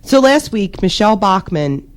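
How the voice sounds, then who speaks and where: A woman's voice: medium pitch, sing-song, normal speed. A young woman co-hosting a casual comedic chat, giggly and rambling, with a stuffy nose. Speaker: co-host.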